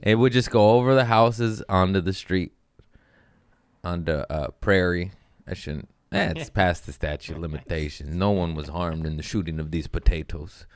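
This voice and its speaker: A low-pitched man hosts a comedy podcast, rambling through profane stories at a moderate pace with no room sound. He jokes constantly and keeps bursting into silly put-on voices.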